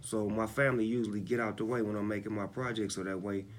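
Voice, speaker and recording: A man's voice: on the low side, little pitch movement, fast talker, slight background noise. A man in his forties talking candidly in an interview, laid-back and reflective, often checking in with "you know what I'm saying". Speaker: interviewed rapper.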